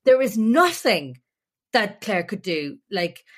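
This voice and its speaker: A woman's voice: mid-range voice, big pitch swings, takes it slowly. Rambling young woman co-hosting a podcast. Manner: rambling, many fillers and restarts. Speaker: podcast co-host. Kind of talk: casual chat.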